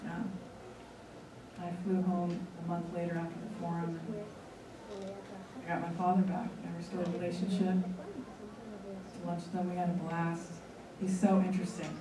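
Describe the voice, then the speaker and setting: A woman in her forties leads a seminar, sharing a candid personal story with a large audience and acting out the dialogue in a lowish, fairly flat voice at normal speed with long pauses. The recording is distant and echoey, with crowd noise and audience murmur throughout.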